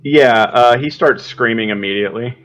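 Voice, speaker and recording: A man narrating as game master in a tabletop game, laid-back and quick to laugh. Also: medium pitch, fairly bright tone, soft background music.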